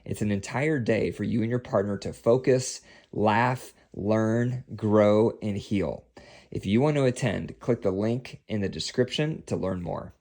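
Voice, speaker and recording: A man's voice: fairly low pitch, measured pace, a little mellow. A man reading a promotional spot for his own event, persuasive and built on rhetorical questions. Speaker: host promoting his conference.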